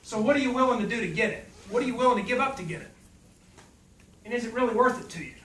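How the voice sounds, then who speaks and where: Bright-voiced man speaking in an echoey hall. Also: very high-pitched, quick pace, distant mic, slight background noise. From South Louisiana. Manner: folksy, humorous, puts on voices when quoting. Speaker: motivational speaker. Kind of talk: motivational speech with storytelling.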